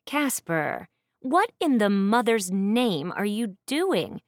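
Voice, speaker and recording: A woman's voice: medium pitch, big pitch swings, unhurried, no echo, clean studio sound. A woman voicing a furious royal older sister who scolds her brother in an audiobook. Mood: indignant. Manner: indignant, scolding.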